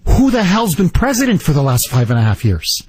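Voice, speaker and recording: Ranting high-pitched radio host man. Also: wildly swooping pitch, fairly quick, husky. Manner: combative, sarcastic, ranting. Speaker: radio talk show host. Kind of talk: political talk radio monologue.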